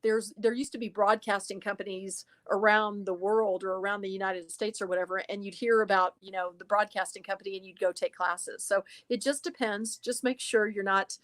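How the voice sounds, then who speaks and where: A woman, a voice-over actress, talking as a lively and emphatic interview guest over a video call. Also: mid-range voice, a little fast, few pauses. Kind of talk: casual interview talk.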